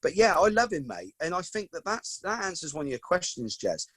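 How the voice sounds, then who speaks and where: A man, a podcast guest telling stories in a lively, casual way and calling the host "mate". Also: sits high, a little fast, dry recording. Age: 40s. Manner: lively anecdotal, peppers talk with "mate" and "do you know what I mean". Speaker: podcast guest, football coach. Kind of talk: casual storytelling chat.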